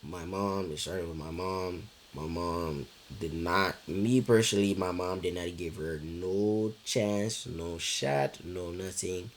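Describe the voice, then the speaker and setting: A man's voice: deep voice, slow, hardly any pauses, a little hiss or hum. A young man telling a personal story in a loose, rambling way, repeating himself, with lots of fillers and swearing. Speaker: vlogger. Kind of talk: casual storytelling chat.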